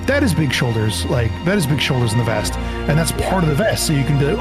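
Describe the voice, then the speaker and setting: A man's voice: a little high, very animated, fast talker, loud music behind the voice. A man on the film crew chatting casually on a live stream, joking and rambling.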